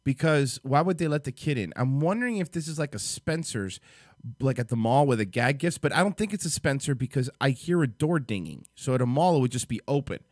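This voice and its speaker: A man's voice: medium pitch, lively intonation, fairly quick, darkish tone, dry recording, studio quality. A man hosting a livestream, reacting to clips in rambling, chatty commentary. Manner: rambling, chatty, thinks aloud. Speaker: host.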